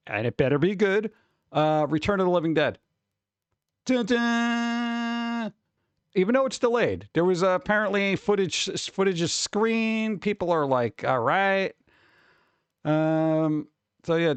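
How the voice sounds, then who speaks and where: A man's voice: on the high side, smooth, dry recording. A man hosting a livestream in casual chat, rambling, swearing casually and reading news aloud. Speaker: streamer host.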